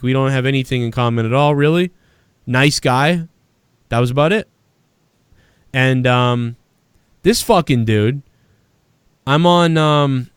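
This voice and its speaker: A man's voice: mid-range voice, clear, resonant tone, dry recording, studio quality. A man hosting a podcast, telling a long story in casual, profane, rambling talk. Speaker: podcast host. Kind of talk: casual chat.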